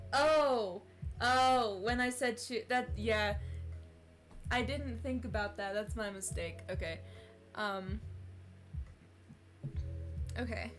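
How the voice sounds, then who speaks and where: Giggly young woman streamer, slow-talking. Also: a little high. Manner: giggly, chatty, frequent fillers and restarts. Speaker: streamer reading fan fiction. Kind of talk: casual live-stream chat. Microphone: cheap streaming mic on a laptop.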